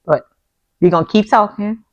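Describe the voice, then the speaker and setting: A woman co-hosting a casual podcast, lively and faith-filled, affirming her partner. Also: medium pitch, normal speed, muffled recording. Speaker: podcast co-host.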